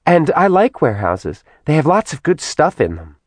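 A man's voice: fairly high pitch, huge pitch swings, moderate pace, no echo, voice pushed up. A man voicing a giddy, greedy female demon who talks in cooing baby talk. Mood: gleeful.

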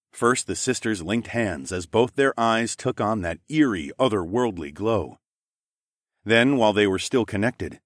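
A man reading first-person fiction aloud in an expressive, dramatic manner. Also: on the low side, dry recording, studio quality. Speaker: audiobook narrator. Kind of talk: scripted first-person narration.

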